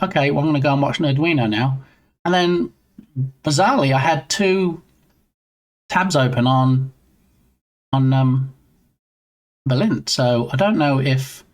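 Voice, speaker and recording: Speaking at a medium pitch, a man livestreams as he builds his game, chatting loosely and responding to viewers in a self-deprecating way.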